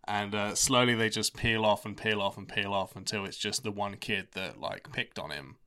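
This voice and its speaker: A young man with a fairly low voice talks in a relaxed, meandering way. His casual chat wanders from point to point, and he swears freely. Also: normal speed, hardly any pauses, clean tone. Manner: rambling, laid-back, swears freely. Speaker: vlogger.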